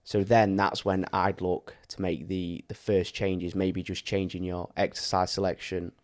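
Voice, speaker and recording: Man, very low voice, casual podcast chat, explains things at length. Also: flat delivery, a little slow. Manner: explains coaching advice at length, with filler words. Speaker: fitness coach and podcast co-host.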